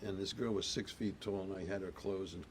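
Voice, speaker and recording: An older man from Providence, Rhode Island, an actor and guest telling animated stories in a casual chat and acting out the exchanges he recalls. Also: sits low, fairly quick, slight background noise. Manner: animated storyteller, acts out quoted exchanges.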